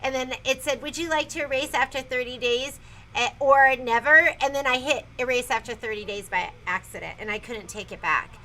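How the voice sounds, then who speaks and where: A woman's voice: high voice, fairly quick, sharp tone, slight background noise, rough recording. A woman co-hosting a casual shop livestream, giggly and self-deprecating, talking from her sewing store. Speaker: store co-host.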